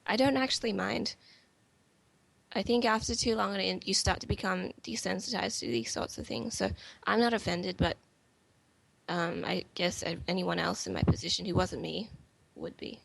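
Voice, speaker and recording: A woman, a guest on an online talk show, speaking hesitantly and plainly with many pauses. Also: mid-range voice, vocal fry, slightly rough, no room sound. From Australia. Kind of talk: casual chat.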